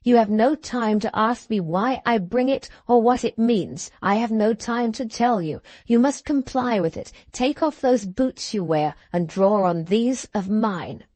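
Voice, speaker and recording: A woman voicing a steady, urgent young Englishman who gives calm, hurried commands as he plans a rescue. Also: on the high side, no echo. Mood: urgent, commanding.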